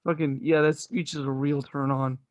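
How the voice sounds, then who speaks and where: A man's voice: fairly high pitch, little pitch movement, normal speed, no room sound, muffled recording. A man chatting casually as a podcast co-host, enthusiastic and rambling, swearing often. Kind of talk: casual movie review chat.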